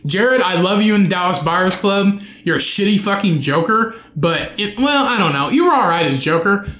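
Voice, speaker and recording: A young man rants alone into his podcast mic, swearing freely and breaking off his own sentences. His voice is bright and a little high, with an edge to it. The room around him rings with echo. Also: animated, moderate pace. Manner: profane, rambling, self-interrupting. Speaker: podcast host. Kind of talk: solo podcast rant. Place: bedroom home studio with his dog.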